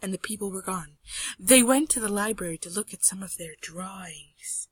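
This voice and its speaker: A young woman sarcastically narrating her old home-made animation, playful, often dropping to quiet mumbles and whispers. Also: mid-range voice, moderate pace, a crowd in the background, low-quality recording.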